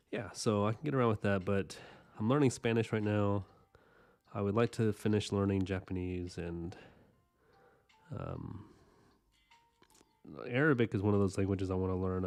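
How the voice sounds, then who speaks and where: A man's voice: low voice, steady tone, moderate pace, a little mellow, soft background music. A man chatting casually with livestream viewers while he draws, rambling and often apologizing. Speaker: artist streaming while drawing.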